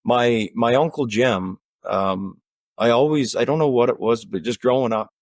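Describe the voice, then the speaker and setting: A man with an Ottawa Valley country twang, chatting casually as a guest in an interview, relaxed and rambling with fillers and restarts. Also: mid-range voice, normal speed, no room sound, studio quality. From Ontario, Canada. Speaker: guest musician.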